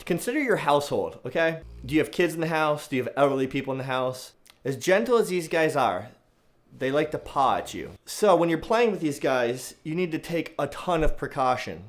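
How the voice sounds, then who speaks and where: A man vlogging casually to the camera as a dog owner, telling a story in a chatty way and sometimes talking softly to his dog. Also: a little high, lively intonation, a little fast. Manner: chatty storytelling, soft baby-talk to the dog.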